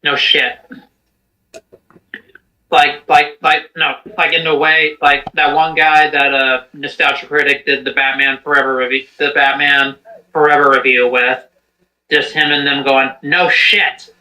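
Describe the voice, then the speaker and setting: A man's voice: medium pitch, flat delivery, a little slow, bright, forceful tone, rough recording. A man co-hosting a casual chat, joking and swearing freely. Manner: profane, joking. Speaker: podcast co-host.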